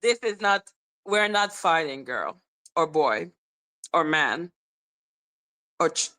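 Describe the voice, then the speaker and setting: A woman's voice: low voice, animated, slow pace, bright, forceful tone. A woman hosting a casual livestream, reading court documents aloud and bantering with her chat. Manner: chatty, muttering while reading, bantering with chat. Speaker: livestream host.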